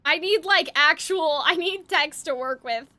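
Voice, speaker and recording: Young woman game streamer, chatty and rambling, very high bright voice. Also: measured pace. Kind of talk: casual game commentary. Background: faint game music.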